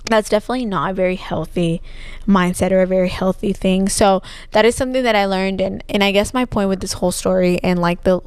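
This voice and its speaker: A woman's voice: mid-range voice, steady tone, fast talker, darkish tone, clear, resonant tone, no room sound. A young woman hosting a podcast, talking candidly and emotionally about her own life, full of "like" and restarts, recorded close on a podcast mic. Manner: emotional, heavy use of "like", trailing restarts. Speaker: podcast host. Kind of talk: candid personal monologue.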